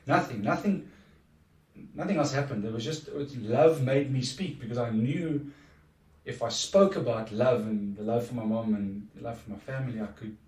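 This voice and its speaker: A middle-aged man talks through his story on a podcast in a reflective, earnest way, often restarting his sentences. His voice sits at an ordinary pitch. The room is echoey and he sounds a bit away from the microphone. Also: normal speed, a little mellow. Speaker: podcast guest. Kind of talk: casual conversation. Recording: echoey room, distant from mic.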